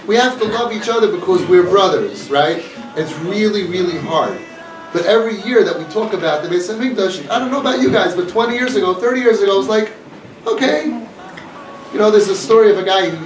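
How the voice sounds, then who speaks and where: Earnest man speaking to an audience. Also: sits high. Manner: earnest, repetitive, emphatic. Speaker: inspirational speaker. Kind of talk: impassioned talk to an audience. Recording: echoey room, mic far off, faint noise.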